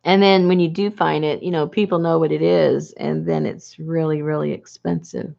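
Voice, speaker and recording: A woman's voice: low voice, fairly even intonation, moderate pace, gravelly, warm tone, dull audio. A woman hosting a casual live video chat, talking with viewers in a rambling, chatty way with frequent laughs.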